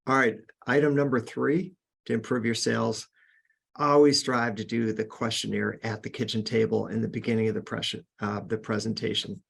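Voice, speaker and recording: A man's voice: fairly low pitch, level tone, moderate pace, gravelly, husky. A man hosting a podcast, giving earnest, casual sales coaching with frequent restarts. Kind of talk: casual instructional talk.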